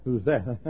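A husky male pastor preaching a folksy, joking sermon that swings from hushed talk to shouting. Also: medium pitch, slight background noise. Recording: tinny lo-fi sermon recording.

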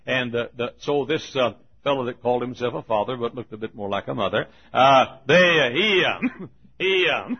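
A husky, mid-range voice belongs to an older man preaching a folksy sermon. He tells stories with frequent chuckles and restarts, all captured on a dull, lo-fi recording.

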